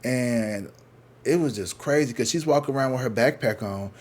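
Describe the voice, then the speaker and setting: A man with a St. Louis accent telling a swearing-heavy story, casual and animated, acting out what other people said. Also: mid-range voice, moderate pace. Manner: profane, animated, acts out other people's lines. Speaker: tarot reader telling a story.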